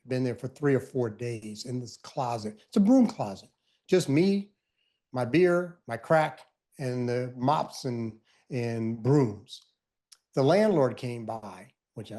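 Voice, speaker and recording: Middle-aged male guest, mellow timbre, earnest unhurried storyteller. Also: mid-range voice. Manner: reflective, earnest, unhurried with emphatic stresses. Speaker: guest, author and speaker. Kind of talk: personal storytelling in conversation.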